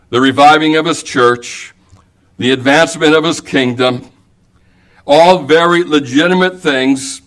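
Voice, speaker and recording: A man preaching an evangelical sermon, slow and emphatic, quoting King James scripture at length. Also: medium pitch, fairly bright tone.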